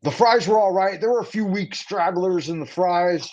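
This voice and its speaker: A man's voice: high voice, moderate pace, darkish tone, muffled recording. A man hosting a casual livestream food review, talking to his viewers in a playful, chatty way with rhyming patter and asides. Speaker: livestream host. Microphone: livestream setup.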